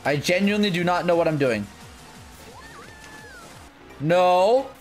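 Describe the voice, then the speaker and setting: A man giving live gameplay commentary, excitable and self-mocking, going from muttering to shouting. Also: high voice, takes it slowly, soft background music. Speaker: gaming video creator.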